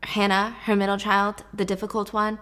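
A woman's voice: mid-range voice, completely flat delivery, moderate pace, a bit bright. A woman telling a true story in a casual, chatty way, swearing offhand and talking straight to the listener.

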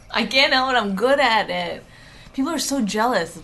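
A woman's voice: fairly high pitch, lively intonation, moderate pace, bright, forceful tone. A middle-aged woman co-hosting a podcast, chatting casually, brash and swearing, slipping into mock accents for fun. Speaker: podcast co-host. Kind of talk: casual bickering chat.

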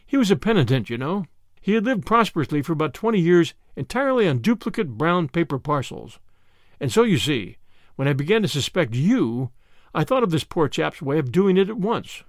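A man's voice: on the high side, very animated, fairly quick, no echo, studio quality. A man voicing a small, mild male priest in an audiobook of a classic story, speaking in a vague, apologetic way.

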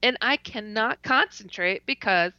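A woman telling a personal story in a casual interview, animated and laughing often, stuttering and restarting as she goes. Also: fairly high pitch, a little slow, smooth, no echo. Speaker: interview guest. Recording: dull lo-fi dry recording.

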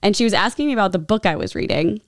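A young woman co-hosting a podcast in casual chat, her voice rough from a loud night out, chatty and laughing often. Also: mid-range voice, lively intonation, racing, no room sound, clean studio sound. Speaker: podcast co-host.

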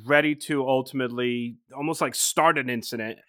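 Guy cohosting a chat show, bright tense voice, dry close sound, walks through the story bit by bit. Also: medium pitch, steady tone, a little fast, no echo. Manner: retells events step by step, checking in with "right?". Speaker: podcast co-host. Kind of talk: casual storytelling.

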